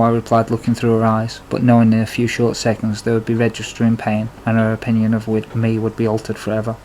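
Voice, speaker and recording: A man's voice: lowish voice, completely flat delivery, fast talker, hardly any pauses, darkish tone, a little hiss or hum, poor audio. A man narrating his own life story in a plain, confessional way, with blunt swearing. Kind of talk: memoir storytelling.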